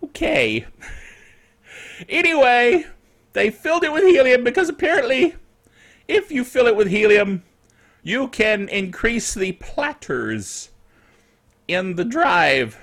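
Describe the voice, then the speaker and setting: A man's voice: extremely high pitch, sing-song, slow pace, pauses often, a bit bright. A middle-aged man hosting his own netcast in a casual, jokey way, with playful asides. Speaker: podcast host. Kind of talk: casual solo netcast chat.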